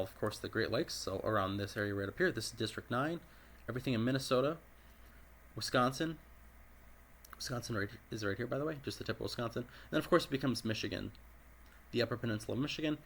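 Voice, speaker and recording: A man with a raspy voice giving casual commentary over a dispatch game, clearing his throat often as he methodically works through each call. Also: mid-range voice, a little hiss or hum. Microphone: personal desk microphone.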